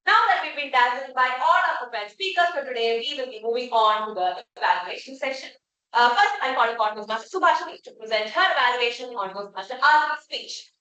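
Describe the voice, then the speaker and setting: A woman's voice: on the high side, fairly quick, sharp tone, dull audio, slight background noise. A young woman hosting a club meeting, formally introducing each speaker by title. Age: young adult. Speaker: meeting host. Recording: echoey room, voice from far off.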